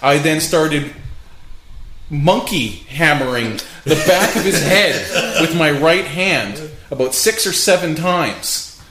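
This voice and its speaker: Man, casual storytelling, somewhat high voice, swooping delivery, faint hiss. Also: slow pace. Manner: animated, laughs often while telling. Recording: roomy echo with faint hiss.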